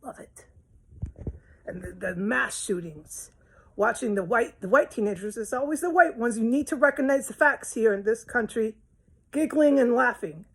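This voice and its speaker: Woman, from the United States, angry vlog rant, rambling, profane, accusatory, fairly high voice. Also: expressive, moderate pace, rough recording. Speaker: vlogger. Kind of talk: angry ranting monologue.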